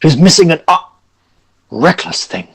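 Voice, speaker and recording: A man's voice: a little high, animated, a little slow, husky, pitched above the performer's own voice, heavily acted, low-quality recording. Man putting on a haughty old jeweled sage. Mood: scolding. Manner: haughty and exasperated. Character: fussy, irritable old jeweled man appearing as a projection.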